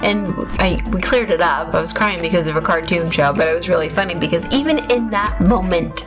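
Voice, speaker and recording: A woman's voice: fairly low pitch, brisk, poor audio. Chatty young woman gaming vlogger. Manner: chatty, rambling, self-mocking with laughs. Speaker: gaming channel host. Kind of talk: casual gameplay commentary. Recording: faint music behind voice.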